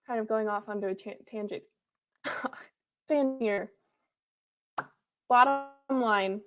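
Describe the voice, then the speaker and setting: Woman host, higher voice, home livestream, earnest repeated affirmations, playful. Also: slow pace, a bit bright. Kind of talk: encouraging pep talk to viewers.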